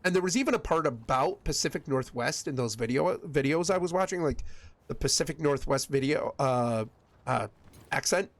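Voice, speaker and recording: A man with a Michigan accent and a slightly raised pitch talks casually with his stream chat while he games. He rambles from thought to thought and often backs up to restart a sentence. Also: animated, moderate pace. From West Michigan. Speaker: game streamer.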